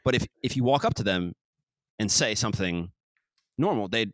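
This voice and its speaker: Speaking at a normal speed in a lowish voice, a male podcast host is captured in a dry recording. His casual chat rambles, and he animatedly acts out quotes along the way.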